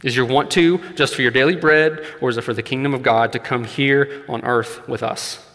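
A man with a steady, fairly bright mid-range voice preaches at normal speed. His sermon is earnest and conversational with light laughs, rising in emphasis on key points, and a church hall gives it long reverb.

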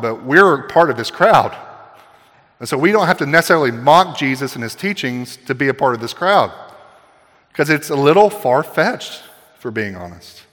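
A man's voice: medium pitch, lively intonation, fairly quick, fairly bright tone. A man preaching a casual, jokey sermon that is full of rhetorical questions to the congregation. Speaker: pastor. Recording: long hall reverb.

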